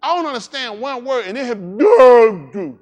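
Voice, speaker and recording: A male pastor preaching a sermon in casual vernacular, animated and joking with his congregation. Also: very high voice, unhurried.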